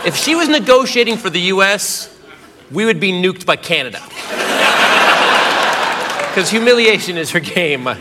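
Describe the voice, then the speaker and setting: A man doing a stand-up comedy routine, telling a story with acted-out quotes and bursts of shouting. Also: sits high, expressive, moderate pace, long pauses. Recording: live club with loud crowd noise.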